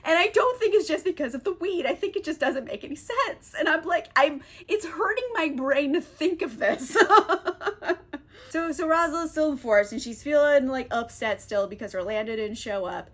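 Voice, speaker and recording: A woman recapping a play in a casual comedic way, rambling, exasperated and laughing, high. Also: expressive, a bit bright. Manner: rambling, exasperated, laughing, acts out quick character voices. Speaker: book reviewer.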